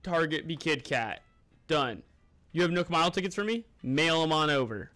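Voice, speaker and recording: A man's voice: on the high side, lively intonation, normal speed, sharp tone. A young man streaming a game live, chatting casually and greeting viewers by name as he plays and eats. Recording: music playing underneath.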